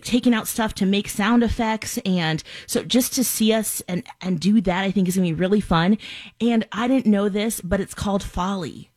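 A woman's voice: mid-range voice, no echo. A woman co-hosting a morning show in casual chat, rambling with lots of fillers.

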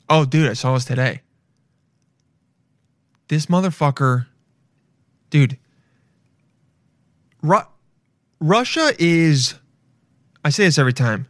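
A young man talks over videos in loose, foul-mouthed commentary, blunt and crude in his asides. His voice sits a touch high for a man. It is recorded close and dry, with no room echo. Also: expressive, slow, pauses often, a bit bright. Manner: crude, blunt, swears freely. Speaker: streamer reacting to videos. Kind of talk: casual reaction commentary.

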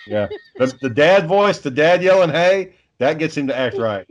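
A man's voice: a little high, expressive, normal speed, dull audio. A father in casual chat, rambling through stories about his kids and swearing freely.

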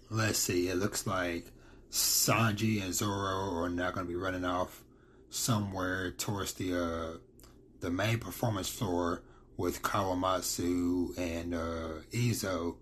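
Deep-voiced rambling man recapping manga. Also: steady tone, slow, fairly bright tone, a little hiss or hum. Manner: rambling, lots of fillers and quoted lines. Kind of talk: casual chapter recap.

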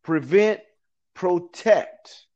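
High-voiced earnest man on lo-fi audio. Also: drawn-out words, dark tone. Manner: earnest, repetitive, preacherly, laughs often. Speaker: guest. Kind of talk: motivational talk in an interview.

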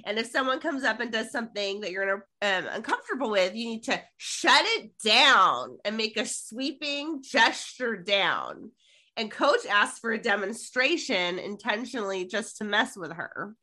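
A woman's voice: a little high, measured pace. A middle-aged woman co-hosting a podcast, animatedly recapping an episode and quoting its lines in casual chat. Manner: animated storytelling, quotes lines from the show. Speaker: podcast co-host.

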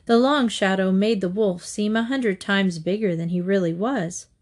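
A woman storyteller reading short fables aloud in a measured, deliberate way. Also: mid-range voice, a little mellow.

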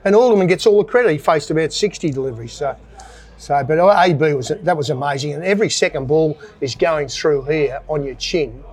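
A man's voice: on the high side, moderate pace, slightly rough. An older Australian man and former cricketer telling self-mocking stories in a casual interview. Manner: anecdotal, self-mocking, laughs at own stories.

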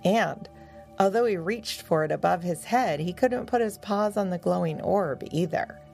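A woman storyteller reading a children's story aloud in a gentle, expressive way. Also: fairly low pitch, normal speed, vocal fry, faint music behind.

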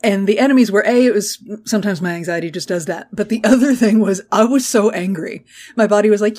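A woman's voice: medium pitch, a little fast, a little mellow. A woman co-hosting a podcast in casual chat, joking and laughing often. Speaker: podcast co-host.

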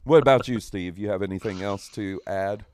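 A man's voice: lowish voice, a little fast, clean tone, no room sound. A man hosting a casual gaming podcast, joking around and swearing freely. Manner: profane, joking, animated. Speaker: podcast host.

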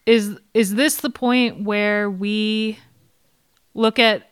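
A woman's voice: medium pitch, steady tone, extremely slow, clear, resonant tone, no room sound, clean studio sound. A woman co-hosting a cycling podcast, a former rider talking through tactics in a thoughtful, questioning way. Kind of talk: casual podcast chat.

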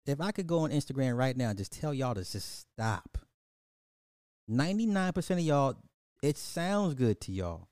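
A man's voice: medium pitch, sing-song, normal speed, a little mellow, no room sound. Profane ranting man, dry podcast. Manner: profane, mocking, scolding the listeners. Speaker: podcast host. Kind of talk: ranting social commentary.

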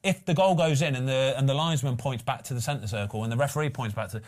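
A man's voice: mid-range voice, quick pace. A man hosting a casual football chat, emphatic and chatty. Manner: chatty, emphatic, says "mate" and "lads". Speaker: host.

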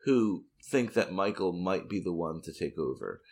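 A man co-hosting a podcast, chatting casually in a measured, thoughtful way. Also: low voice, animated. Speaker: podcast co-host. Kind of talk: casual chat.

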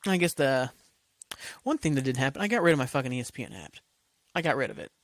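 A man's voice: mid-range voice, expressive, fast, a bit bright, no room sound. A man hosting a solo podcast, ranting casually with constant swearing and rambling asides. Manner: profane, rambling, heated. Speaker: podcast host.

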